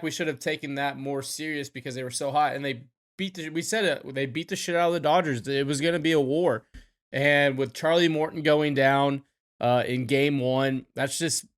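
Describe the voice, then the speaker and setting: Animated, cursing baseball podcast man. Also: medium pitch. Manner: animated, swears freely, trails off and restarts. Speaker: podcast co-host. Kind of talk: casual sports chat.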